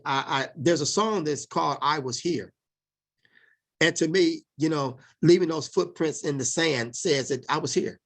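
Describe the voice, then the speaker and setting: A man of middle pitch, talking from an office as a community development leader. His delivery is earnest but halting, with frequent pauses and restarts. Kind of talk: informal recorded talk.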